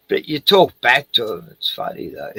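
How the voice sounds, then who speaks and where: A man's voice: medium pitch, sharp tone, husky, no echo, poor audio. A man in a rambling casual chat, swearing freely, laughing and trailing off mid-sentence. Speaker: host reacting to a video.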